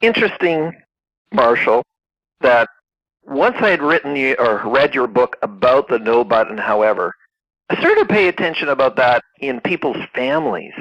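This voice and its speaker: A male interview host from Canada asks curious, thoughtful questions at a middle pitch. His voice is dry, with no room sound, and it comes through somewhat dull. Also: lively intonation, moderate pace, no echo. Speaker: podcast host. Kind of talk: interview conversation.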